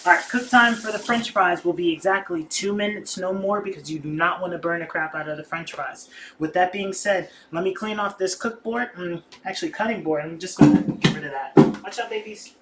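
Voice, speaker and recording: A young adult livestream host who chats casually and excitably while cooking in a home kitchen. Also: medium pitch, brisk, background noise. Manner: excitable, chatty, slangy.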